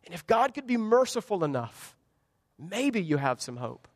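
A man's voice: high voice, big pitch swings, moderate pace. A man preaching a sermon, emphatic, asking rhetorical questions and acting out the quotes he reads. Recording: dry close mic with long hall reverb.

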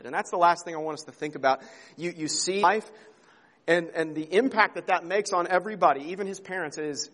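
A man's voice: high voice, brisk, a bit bright. A man preaching a sermon as pastor, earnest and emphatic, repeating words and asking rhetorical questions. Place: church sanctuary. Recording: long hall reverb.

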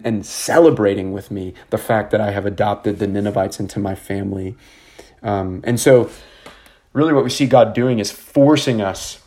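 A man's voice: fairly low pitch, a little mellow. Earnest male pastor preaching a sermon. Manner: earnest, with many fillers and restarts.

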